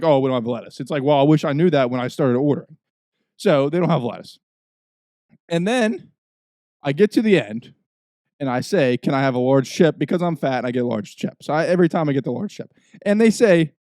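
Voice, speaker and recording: A young man, a podcast host, telling a profane, ranting story in casual chat, swinging between low mutters and loud outbursts. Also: no room sound.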